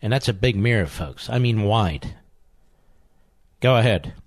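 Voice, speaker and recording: A man's voice: lowish voice, lively intonation, measured pace, no echo. A man hosting a talk radio show, delivering a combative, sarcastic monologue full of mocking insults.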